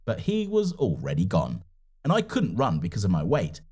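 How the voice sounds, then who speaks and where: A man telling a first-person animated story in an expressive, dramatic scripted narration. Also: fairly low pitch, moderate pace, husky.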